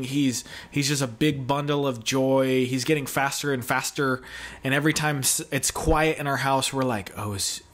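A man's voice: medium pitch, a bit bright. A man in his thirties from the American South, giving a casual, joking video sermon as a guest pastor. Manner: jokey, chatty, self-deprecating.

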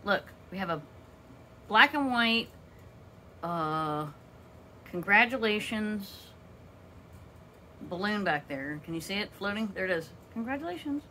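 Woman rambling through a home vlog, sometimes cooing way up high to her bird, faint hiss in the room. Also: animated, unhurried, pauses often, pushed and bright. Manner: chatty, rambling, coos in a high baby-talk voice to her bird. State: out of breath. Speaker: vlogger with a pet parrot. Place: condo at home, indoors.

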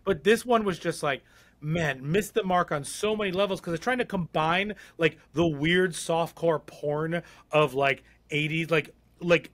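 A man co-hosting a podcast, talking in a loose, rambling way with plenty of fillers. His voice sits a little on the high side, and he states his views bluntly. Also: measured pace, fairly bright tone. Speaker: podcast co-host. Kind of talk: casual chat.

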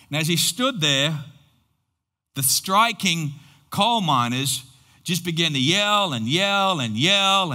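A high, bright-toned man preaches slowly, building a story with dramatic pauses. His voice rings through a church hall with a long reverb. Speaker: pastor. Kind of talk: sermon storytelling.

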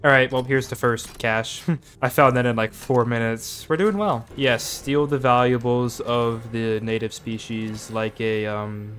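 A man giving joking, self-mocking commentary over his own gameplay, quick to get startled. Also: medium pitch, fairly even intonation, a bit bright, slight background noise. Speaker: gaming video creator.

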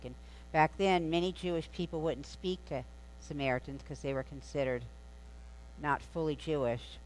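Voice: medium pitch, normal speed, a little hiss or hum, low-quality recording. Conversational preacher telling a story. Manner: conversational, storytelling delivery with asides. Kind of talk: sermon. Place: church sanctuary.

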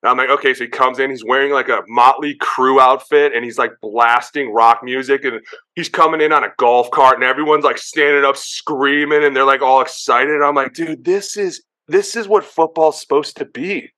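Fast, bright, animated man telling stories. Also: mid-range voice. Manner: animated, acts out quotes, many "like" and "dude". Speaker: guest, former pro football player. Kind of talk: excited casual interview storytelling.

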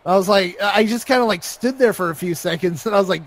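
A man's voice: high voice, fast talker. A young man co-hosting a casual chat, rambling through a story with many fillers. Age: young adult. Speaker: podcast co-host.

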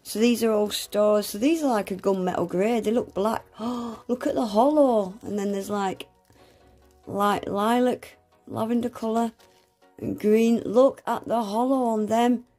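Soft music plays behind a woman whose warm voice sits on the high side and moves a little slowly. She chats casually while unboxing nail art supplies for a vlog, gasping often and gushing with lots of "oh my gosh" exclamations.

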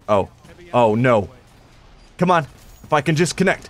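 Lively excitable young man gaming. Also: mid-range voice, a little slow, long pauses. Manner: animated, jokey, swings from shouting to muttering. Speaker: gameplay reviewer. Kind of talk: excited live gameplay commentary.

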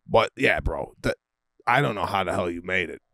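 A man's voice: low voice, animated, moderate pace, fairly bright tone, no echo, studio quality. A man co-hosting a podcast in casual chat, rambling with restarts and frequent swearing. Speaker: podcast co-host.

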